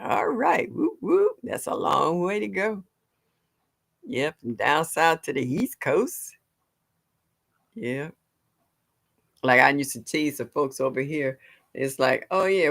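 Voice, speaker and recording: Gravelly and low-pitched yet fairly bright in tone, this woman's voice belongs to a livestream host. She keeps the talk casual with viewers, laughing a lot along the way.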